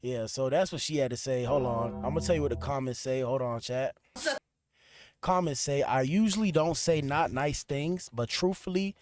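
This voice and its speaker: A man's voice: medium pitch, darkish tone, no room sound. A man hosting a podcast, talking loose and slangy to his live chat as he reacts to clips, trailing off and restarting. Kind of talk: casual commentary to a live chat.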